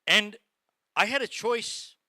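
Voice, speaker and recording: Middle-aged male motivational speaker, dramatic storyteller who acts out dialogue and calls the crowd "folks", sharp bright tone, dry close sound. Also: high voice, takes it slowly, dry recording. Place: lecture hall before a live audience.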